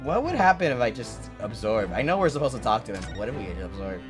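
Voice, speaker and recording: A let's play streamer who reads game lines aloud and reacts with excitable, loud outbursts, laughter and swearing. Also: mid-range voice, quick pace. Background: game music.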